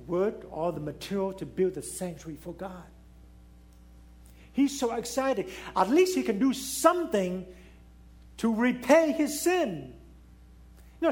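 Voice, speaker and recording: A man delivers a sermon in non-native English, swinging between raised exclamations and hushed, low pleading.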